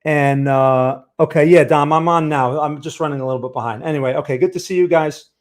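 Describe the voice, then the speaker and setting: A man's voice: on the high side, a little fast. A man hosting a casual livestream about trading, chatting loosely and greeting viewers by name. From New York. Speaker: trading stream host. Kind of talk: casual livestream market talk.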